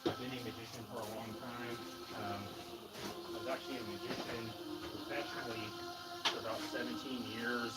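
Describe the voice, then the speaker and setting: Deadpan man rambling over loud music. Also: mid-range voice, fairly quick, rough recording. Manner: rambling deadpan tall tales with many fillers. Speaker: livestream host. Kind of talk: casual livestream chat. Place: home garage workshop.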